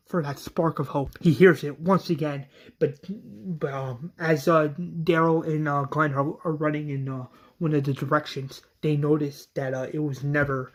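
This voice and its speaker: Slow, husky man recapping a story. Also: on the high side. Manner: halting, repeats words. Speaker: episode recapper.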